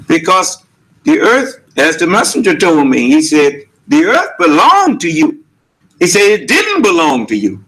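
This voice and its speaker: A man's voice: high-pitched, sing-song, measured pace, a bit bright, poor audio. A man preaching a sermon with emphatic rhetorical questions and casual vernacular speech. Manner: emphatic, rhetorical questions, Southern US Black English.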